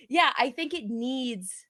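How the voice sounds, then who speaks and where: A woman co-hosting a podcast, chatting casually and acting out characters in quick voices. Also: sits high, fairly bright tone, no echo, studio quality. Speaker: podcast co-host. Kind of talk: casual chat.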